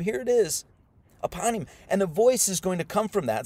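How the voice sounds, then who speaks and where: Rambling preacher man, slightly high voice. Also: big pitch swings, moderate pace, a little mellow, no room sound. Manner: rambling, repeats himself, reads scripture aloud. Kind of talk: online sermon lesson.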